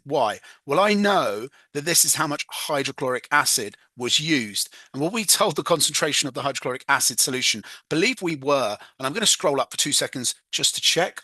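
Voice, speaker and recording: A chatty man walks through a chemistry exam question in a casual tutoring voice, teasing himself over slips and humming as he writes. His voice is bright and forward. It is recorded close and dry, with no room sound. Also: mid-range voice, dry recording. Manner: chatty, self-mocking, hums "da da" while working.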